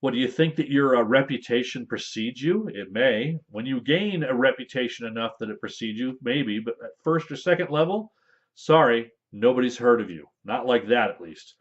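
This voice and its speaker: A man's voice: mid-range voice, sing-song, moderate pace. A man in casual talk explaining rules for a tabletop game, rambling with fillers and playful asides. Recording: dull lo-fi audio.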